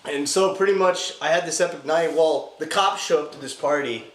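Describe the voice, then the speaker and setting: A man's voice: on the high side, brisk. A man co-hosting a podcast, telling a story in a laid-back, chatty way with lots of "dude" and "like". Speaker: podcast co-host. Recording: roomy echoey room, faint noise.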